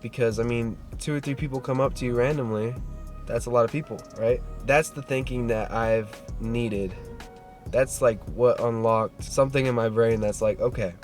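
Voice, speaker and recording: A young man in his twenties talks straight to camera in a casual motivational vlog, earnest and steadily working himself up. His pitch sits mid-range for a man, and soft guitar music plays faintly underneath. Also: normal speed. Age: 20s. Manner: earnest, gets worked up and pep-talks the viewer; swears casually, says "dude". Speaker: vlogger.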